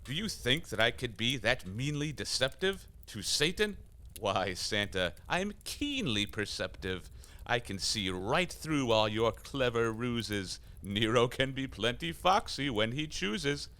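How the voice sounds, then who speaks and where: A man's voice: mid-range voice, sing-song, a little slow, pushed and bright. A man voicing a scheming devil assassin sent from hell in a rhyming radio play, theatrical and boastful. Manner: theatrical, boastful, swings between bluster and wonder.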